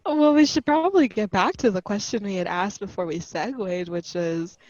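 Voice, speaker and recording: A woman's voice: medium pitch, moderate pace, a little mellow, no room sound. A woman from California co-hosting a podcast, steering the conversation and laughing in disbelief. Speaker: podcast co-host. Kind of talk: casual chat. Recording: dull dry lo-fi mic.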